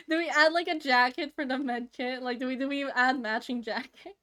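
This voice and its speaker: A woman's voice: high-pitched, fairly even intonation, fairly quick, hardly any pauses, bright, forceful tone. A woman in her thirties chatting casually to her stream while drawing, giggling and gushing over cute things. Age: 30s. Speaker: livestreamer.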